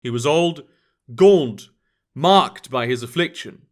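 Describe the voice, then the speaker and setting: A man narrating an urban fantasy story in an expressive scripted reading. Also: medium pitch, slow.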